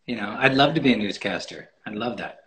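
A man's voice: on the low side, lively intonation, brisk, a bit bright, rough recording. A man talking as a guest in a casual interview, rambling with many fillers and restarts. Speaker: photographer guest. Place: podcast recording.

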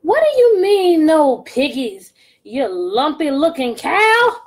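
Woman playing a shrill screeching witch. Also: big pitch swings, a little slow, heavily acted. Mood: shrieking angry. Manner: screechy, shouting insults. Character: shrill, nasty witch woman, bossy and impatient.

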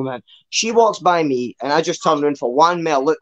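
A man's voice: a little high, expressive, brisk, few pauses, highs cut off. A young Glaswegian man doing a rambling, sweary stand-up set at an online open mic, tagging lines with "man". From Scotland. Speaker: stand-up comedian.

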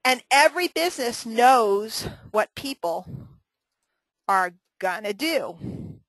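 A woman's voice: fairly high pitch, lively intonation, takes it slowly, no echo, poor audio. A woman hosting a live marketing webinar, chatty and joking, laughing often as she teaches. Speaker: webinar host and marketing trainer.

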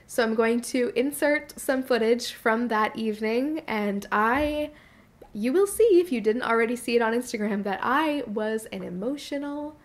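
A woman's voice: on the high side, moderate pace. Heartfelt chatty woman vlogger. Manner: chatty and heartfelt, with frequent fillers. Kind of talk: casual personal vlog talk.

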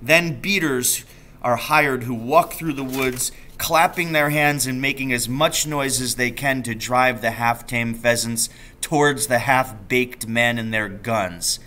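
A man's voice: mid-range voice, bright, forceful tone, slight background noise. A male teacher voicing a sly, secretive father in a storybook reading, drawing out his words conspiratorially. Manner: slow, drawn-out, conspiratorial.

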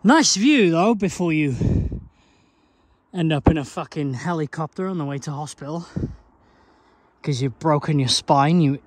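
A man's voice: on the high side, lively intonation, a little slow, pauses often, dry recording. A man rambling casually in a vlog while out walking, sweary and a bit tipsy. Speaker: vlogger. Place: outdoors on a walking path.

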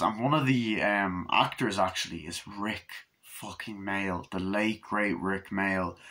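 A man talks through a movie in a loose, rambling way, with a fairly low voice. He swears casually and keeps breaking into quick, higher voices to act out the scenes. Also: a bit bright. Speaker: film reviewer.

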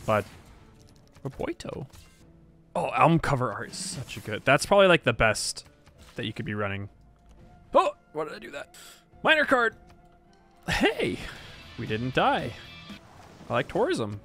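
A man streams a strategy game and comments as he plays, wry and talkative, chatting to himself and to the game's leaders. His pitch swings a lot from line to line. Soft music plays quietly behind him. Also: sing-song, a little slow, pauses often. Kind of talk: live gameplay commentary.

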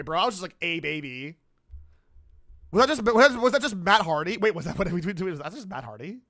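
A man hosting a casual reaction video who talks in an excitable, rambling way. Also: high-pitched, brisk, pauses often. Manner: excitable and rambling, with frequent outbursts.

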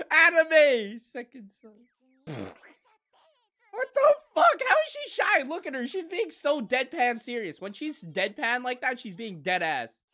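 A woman hosting an anime reaction, moving from soft cooing to loud excited squeals and swearing freely. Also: fairly high pitch.

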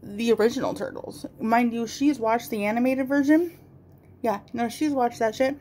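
A woman's voice: on the high side, normal speed, warm tone, slight background noise. A woman in her thirties chatting casually and rambling while doing her makeup at home, swearing freely. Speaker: beauty vlogger.

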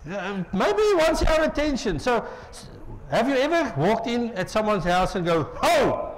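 A middle-aged man with a South African accent preaching a lively sermon in a church, joking with the congregation. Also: very high-pitched, normal speed, noisy background. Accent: South African English. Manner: playful, jokes with the congregation. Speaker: pastor.

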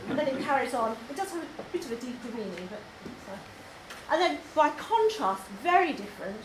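High-voiced English woman tutor, echoey hall. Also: sing-song, normal speed, few pauses. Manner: enthusiastic, chatty with frequent ums. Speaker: poetry tutor. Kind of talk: course presentation to a group. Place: labour club hall. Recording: echoey hall, faint noise.

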